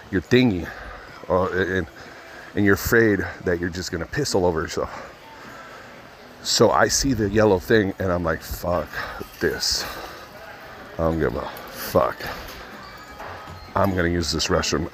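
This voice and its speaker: Man, low voice, casual profane vlogger talking into a phone at his ear inside a store. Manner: rambling, profane storytelling. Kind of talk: casual vlog monologue while out shopping. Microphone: phone held to his ear.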